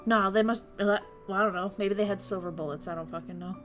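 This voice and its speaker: A woman VTuber casually streaming a visual novel, reading it aloud with excitable, crude, giggly commentary. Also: medium pitch, fast, soft background music. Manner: crude, excitable, laughs and swears often.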